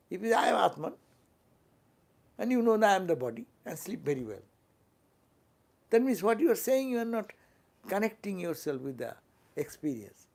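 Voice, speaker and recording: An older monk with an Indian English accent delivers a fervent spiritual talk, his voice a little high and a little mellow with some vocal fry. He keeps asking his listeners questions, often tossing in quick tag-questions.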